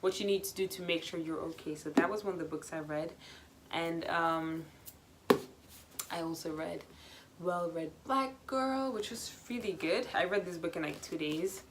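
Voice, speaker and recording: A woman vlogger chatting to camera with an easy, enthusiastic warmth, leaning into her words with gushing emphasis. Her voice sits on the low side. A steady hiss of background noise runs under the recording. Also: moderate pace. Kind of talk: casual talk to camera.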